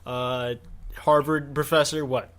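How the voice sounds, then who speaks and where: A man's voice: mid-range voice, fairly even intonation, slow, a bit bright. A man co-hosting a podcast, joining in with joking, teasing banter. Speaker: podcast co-host. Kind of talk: casual podcast chat.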